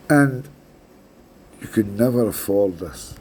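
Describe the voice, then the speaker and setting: Slow, deep-voiced Scottish man in his sixties. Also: warm tone, a little hiss or hum. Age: 60s. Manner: rambling, swears a lot, keeps adding "right?". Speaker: vlogger. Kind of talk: casual storytelling monologue.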